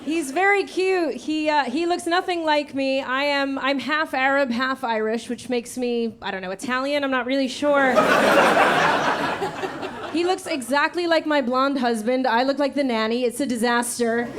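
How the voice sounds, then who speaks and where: A high-pitched woman in her thirties delivers a wry, punchy stand-up set into a handheld stage mic. Loud audience laughter and clicks fill the space behind her. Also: heavy background noise. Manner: wry, punchy storytelling with quick character voices. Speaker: stand-up comedian. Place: comedy show before a laughing audience.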